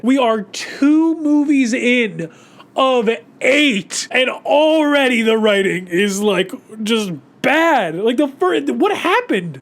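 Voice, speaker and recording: A YouTuber ranting through a casual movie recap, exasperated and profane, rambling with many restarts and swinging between muttering and loud outbursts. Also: medium pitch, expressive, measured pace.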